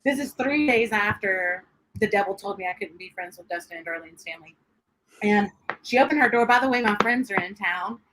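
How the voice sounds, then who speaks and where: Bright-voiced woman telling her story. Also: mid-range voice, fairly quick, poor audio. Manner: animated storyteller, laughs often, acts out quotes. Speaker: interview guest. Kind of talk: personal faith testimony in an interview.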